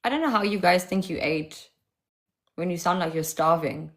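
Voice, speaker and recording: Her voice sits fairly low and moves at a normal speed as this South African woman hosts a live stream. She needles callers in a sassy, taunting way, slipping in and out of different voices.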